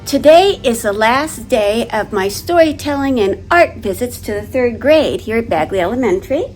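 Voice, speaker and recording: A woman telling a folk tale to third graders in a school classroom, in an expressive, deliberate way. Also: on the high side, faint music behind. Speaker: visiting storyteller and art teacher. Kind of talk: storytelling to children.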